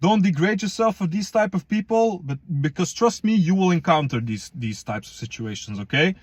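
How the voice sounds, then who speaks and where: A man's voice: high voice, animated, normal speed, no echo. Slangy young man giving casual advice. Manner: slangy, loose, addresses viewers as guys and bro. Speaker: fitness vlogger.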